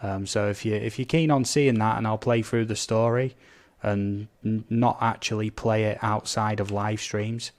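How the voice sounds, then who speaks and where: A man's voice: on the low side, fairly even intonation, normal speed, hardly any pauses. Chatty man streaming a game. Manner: chatty, reads out viewer comments, blurts game sound effects. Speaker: gaming live streamer. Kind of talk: casual live-stream gameplay commentary.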